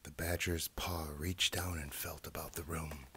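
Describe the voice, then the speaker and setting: A man narrating a children's read-along storybook in a slow, hushed storytelling delivery. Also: very deep voice, fairly even intonation, background noise. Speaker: storybook reader.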